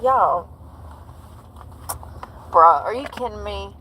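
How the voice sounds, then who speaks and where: A woman's voice: medium pitch, expressive, slow pace, bright, forceful tone, a little hiss or hum, low-quality recording. A woman from North Carolina with a country twang, chatting to viewers on a live stream and telling a story from her day. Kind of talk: casual live-stream chat.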